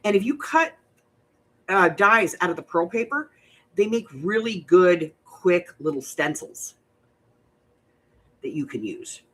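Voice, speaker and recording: Woman, craft stream host, low husky voice with lively ups and downs, loose and joking. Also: slow pace, pauses often. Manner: rambling and jokey, laughs often. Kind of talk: casual chatty craft livestream.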